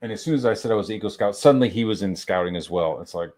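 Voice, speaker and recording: Talking very fast in a low-ish, darkish, expressive voice, a young man on a stream rambles through a foul-mouthed rant as a guest.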